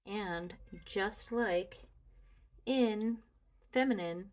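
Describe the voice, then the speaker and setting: A woman slowly talking through a grammar review lesson, musing aloud as she walks through her slides. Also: mid-range voice. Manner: deliberate, talks through slides, muses aloud. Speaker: student reviewing Greek grammar.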